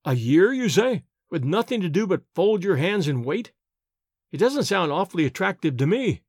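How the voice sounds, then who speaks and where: A man voicing a dry, mocking male friend at supper in a story reading, in a lively voice. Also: high voice, moderate pace, no room sound, full character voice.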